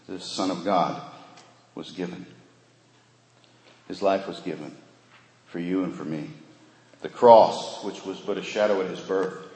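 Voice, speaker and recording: A very low-voiced man preaches a sermon, pressing his points with rhetorical questions and slow, emphatic repetition. His voice rings through a large reverberant hall. Faint room ambience sits underneath. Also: a little mellow, slight background noise. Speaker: pastor.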